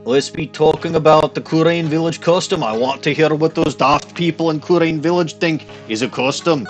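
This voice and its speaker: Streamer, male, slightly high voice, hammy fake Scottish brogue on game text, faint music under. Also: moderate pace. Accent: put-on Scottish. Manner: goofy, reads dialogue in a put-on Scottish accent. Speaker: let's play streamer. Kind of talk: game commentary with reading aloud.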